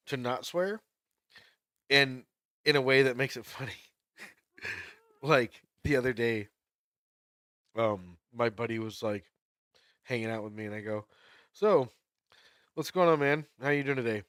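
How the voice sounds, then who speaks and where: A man's voice: mid-range voice, pushed and bright, clear, resonant tone, no room sound. A man chatting casually on a livestream while he plays, laughing often as he tells stories.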